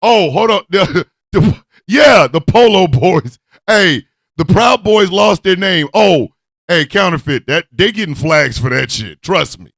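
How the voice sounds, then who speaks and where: A man's voice: sits high, lively intonation, unhurried, gravelly, a bit bright, dry recording, studio quality. A man hosting an online radio show, ranting comically with profanity and constant cackling laughter. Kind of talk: loose comedic rant with chat.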